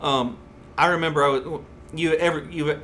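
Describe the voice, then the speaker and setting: Emphatic storytelling man, higher voice. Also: steady tone, moderate pace, fairly bright tone, a little hiss or hum. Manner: storytelling, emphatic repeated phrases. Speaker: saltwater columnist. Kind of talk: casual podcast chat.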